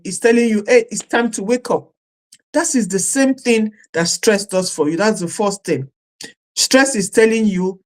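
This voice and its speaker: A woman life coach leading a live-streamed session, who repeats her questions to viewers and stresses the words she lists. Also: mid-range voice. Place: streaming live at home or studio.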